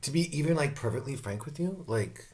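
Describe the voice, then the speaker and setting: A man's voice: mid-range voice, lively intonation, a little fast, darkish tone. A man giving a casual skincare review at home, campy, profane and playful, laughing often. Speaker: beauty vlogger reviewing skincare.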